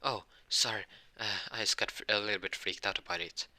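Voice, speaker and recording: A man's voice: on the low side, fairly even intonation, a little fast, bright, forceful tone. A man putting on a flustered young noble girl.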